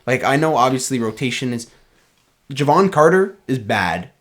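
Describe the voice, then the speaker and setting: Blunt mid-pitched man breaking down basketball. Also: big pitch swings, normal speed, a bit bright. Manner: opinionated, blunt basketball analysis. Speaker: podcast co-host. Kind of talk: casual sports chat.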